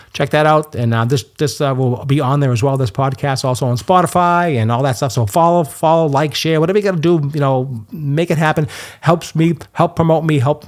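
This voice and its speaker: A man hosting a solo podcast, chatty and animated, who often restarts his sentences and gets worked up when he rants. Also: a little high. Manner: chatty, restarts a lot, gets fired up ranting. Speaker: podcast host.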